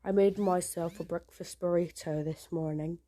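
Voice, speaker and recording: Young woman vlogger, mellow voice, nervous and rambling, hushed and sweary, filmed on a handheld phone indoors. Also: on the low side, steady tone, moderate pace. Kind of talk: casual handheld vlog. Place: small home indoors at night.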